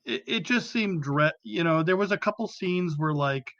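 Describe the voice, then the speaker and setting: A man's voice: a little high, lively intonation, normal speed, fairly bright tone, no room sound, muffled recording. A man on a podcast panel giving a casual, critical film opinion, full of restarts and fillers. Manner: hesitant, many restarts and fillers, dry critical.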